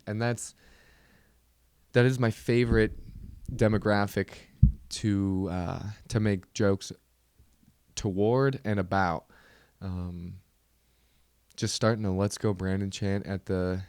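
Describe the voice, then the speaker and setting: A man's voice: low-pitched, a little mellow, clear, resonant tone, dry recording. Exasperated man ranting on a podcast. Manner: exasperated, profane, rambling. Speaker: podcast host, comedian. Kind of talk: casual comedic rant.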